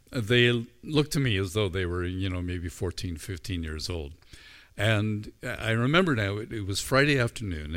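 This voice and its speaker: A man delivers a morning sermon, his voice sitting a little low. He talks in an unhurried, informal way and leads into his message through personal anecdotes. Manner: relaxed storytelling, unhurried and informal. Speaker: preacher.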